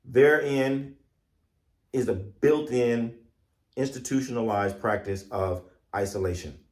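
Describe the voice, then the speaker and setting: A man who is an Ifa priest, giving a deliberate, animated spiritual teaching woven with myth. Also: medium pitch. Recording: echoey room.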